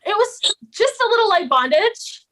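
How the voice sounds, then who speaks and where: A woman's voice: very high voice, very animated, normal speed, fairly bright tone, low-quality recording. A woman closing a brash stand-up set over a video call. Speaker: stand-up comedian.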